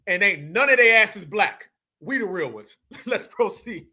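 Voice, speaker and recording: A man hosting a reaction commentary, slangy and animated, talking straight to his viewers as family. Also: high-pitched, measured pace, breathy edge. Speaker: commentary channel host.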